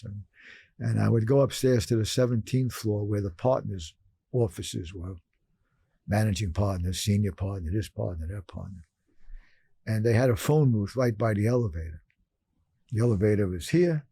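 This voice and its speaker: An older man from Brooklyn talks through his past as a podcast guest. His voice is dark and slightly husky, recorded close and dry. He keeps acting out his old self, jumping into higher voices. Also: no room sound. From Brooklyn, New York. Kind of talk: storytelling in conversation.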